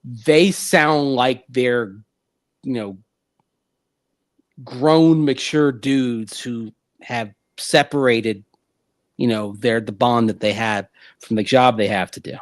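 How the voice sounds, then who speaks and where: A male sports radio co-host speaks at an average pitch into a dry, close studio mic. His talk is animated and rambling, full of restarts as he chases a thought. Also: slow pace, no room sound.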